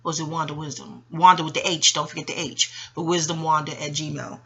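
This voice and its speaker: A woman's voice: low-pitched, little pitch movement, brisk, pushed and bright. A middle-aged woman from Harlem, talking in a rambling, profane monologue, digressing and laughing often. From New York, Harlem. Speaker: astrologer and host.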